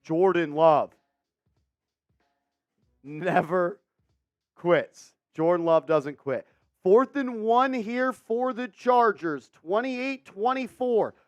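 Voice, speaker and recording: Male stream host, high and smooth, slow recaps, dull lo-fi sound. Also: no room sound. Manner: measured recaps that burst into shouting. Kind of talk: live game update commentary. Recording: dull lo-fi dry stream audio.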